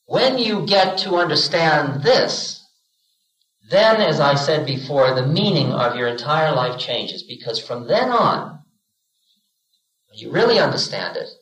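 A man's voice: on the high side, animated, measured pace, fairly bright tone. A man in his forties giving a playful spiritual lecture, telling stories and acting out little voices. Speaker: spiritual teacher. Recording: roomy 1970s lecture recording.

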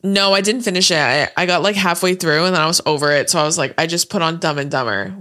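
A woman's voice: lowish voice, fast talker, sharp tone. A woman co-hosting a podcast in casual chat, rambling with fillers, swearing and laughing often. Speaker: podcast co-host.

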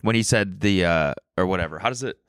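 A man's voice: low-pitched, quick pace, fairly bright tone, smooth, no room sound, studio quality. A man co-hosting a casual podcast chat, joking, laughing and asking questions. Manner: chatty and laughing, asks questions and riffs. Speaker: podcast co-host.

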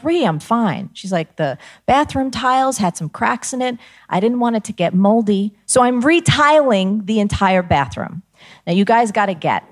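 A middle-aged woman from New Jersey telling a personal story as a guest, animated and acting out quoted lines. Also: on the low side. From New Jersey, USA. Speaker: guest speaker. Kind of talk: storytelling talk.

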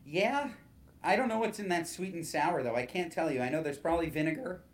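A man's voice: fairly high pitch, brisk. A man co-hosting a casual podcast, chatty and full of playful follow-up questions. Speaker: podcast co-host. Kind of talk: casual chat.

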